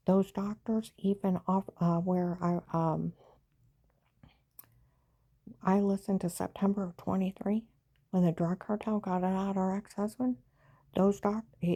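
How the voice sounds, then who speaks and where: A woman's voice: mid-range voice, level tone, unhurried, long pauses, warm tone. A woman telling her own story in a rambling personal account, agitated and jumping between events while quoting others.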